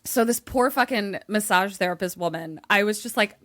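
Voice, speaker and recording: A woman's voice: mid-range voice, normal speed, hardly any pauses, fairly bright tone, no echo. Chatty young woman, dry close sound. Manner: chatty, laughing, frequent "like" fillers. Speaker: podcast co-host. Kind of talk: casual chat.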